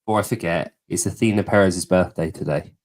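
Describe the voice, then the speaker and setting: English male podcast host, lowish voice, loose chatty delivery with easy laughs. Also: fairly quick. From southeast England. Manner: chatty, laughs easily, swears casually. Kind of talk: casual chat.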